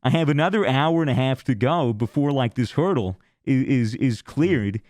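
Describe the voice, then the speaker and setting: A young man on a podcast, telling a story in a casual, animated way and acting out the quotes. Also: medium pitch, normal speed, no echo, studio quality. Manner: animated storyteller who acts out his quotes. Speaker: podcast regular.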